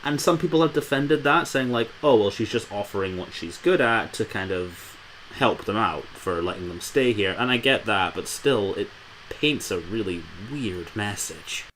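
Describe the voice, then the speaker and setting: A man's voice: on the low side, animated, normal speed, a bit bright, slight background noise, rough recording. A man co-hosting a podcast, chatting casually about an old film in a wry, amused way. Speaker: podcast co-host.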